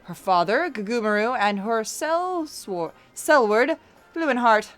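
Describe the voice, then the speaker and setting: A grandiose, self-important gentleman detective, as a woman puts him on while reading a game aloud, declaiming in a raised, swooping voice. Faint game music plays softly behind him. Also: a little high, lively intonation, a little slow. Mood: smug. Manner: pompous, declamatory.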